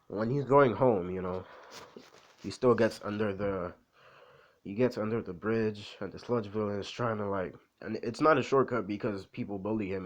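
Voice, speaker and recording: A man in casual chat, rambling in slangy speech with lots of fillers. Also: lowish voice. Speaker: anime vlogger.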